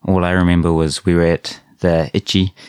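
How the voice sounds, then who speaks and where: A man hosts a podcast in an easygoing, slightly hesitant way, scattering "um" and "uh" through his questions. His voice is very deep, and the recording is dry and close with little room sound. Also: level tone, brisk, a little mellow, clear, resonant tone, dry recording. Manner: easygoing, hesitant with many "um" and "uh" fillers. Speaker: podcast host and translator. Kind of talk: casual chat.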